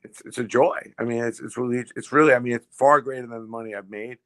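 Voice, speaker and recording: A man telling stories as a podcast guest, fast and full of restarts and repeated words. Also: medium pitch, steady tone, fairly bright tone, no echo. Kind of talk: casual storytelling.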